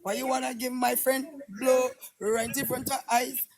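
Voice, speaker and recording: A woman with a Jamaican accent hosting a live stream in casual chat, loud and exclamatory, repeating herself. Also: high-pitched, steady tone, normal speed.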